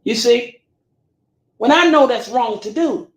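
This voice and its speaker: A woman with a high voice delivers a scolding, preachy rant straight into her camera. She lectures her listeners and calls them baby and family. The room around her rings with echo. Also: expressive, takes it slowly. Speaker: YouTube commentator.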